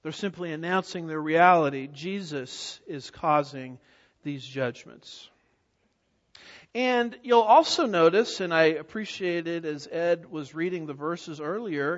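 High-pitched guy preaching a sermon, muffled sound, long echo like a big church. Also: unhurried. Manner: emphatic, repeats key words, rhetorical questions. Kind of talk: expository sermon. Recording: dull audio with long hall reverb.

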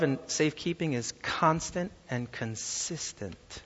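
A pastor delivers a sermon at a slow, deliberate pace, leaning into key words and putting rhetorical questions to his listeners. His voice sits a little high for a man. The recording is dull and lo-fi, with a long echo from a large hall. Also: animated, fairly bright tone. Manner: emphatic preaching with rhetorical questions to the congregation. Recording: lo-fi sound with long hall reverb.

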